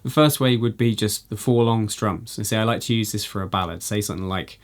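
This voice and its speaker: Low-voiced man teaching guitar. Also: a little fast. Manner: relaxed explaining, frequent "you know" fillers. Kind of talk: instructional video lesson.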